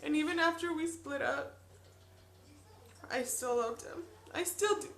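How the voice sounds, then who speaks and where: A woman in her thirties telling a personal story on her vlog, emotional and halting, with many restarts. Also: sits high, vocal fry, a bit bright. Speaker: vlogger. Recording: echoey room.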